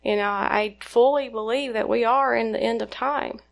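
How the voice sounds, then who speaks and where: Earnest woman preacher with gravelly fry. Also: fairly high pitch, steady tone, normal speed. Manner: earnest, asks the listeners questions. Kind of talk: sermon.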